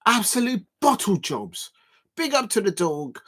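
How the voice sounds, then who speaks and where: A man hosting a live football watch-along stream. His voice swings widely in pitch, jumping from low grumbles to high, shouted outbursts of disbelief. He rants at rival fans in a loose, exasperated way. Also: very animated, unhurried.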